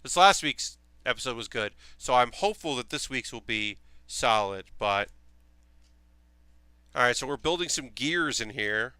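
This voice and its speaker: A man's voice: mid-range voice, animated, moderate pace, pushed and bright, clear, resonant tone, no echo. A young man chatting casually on his live stream while building models, rambling enthusiastically with lots of fillers and casual swearing.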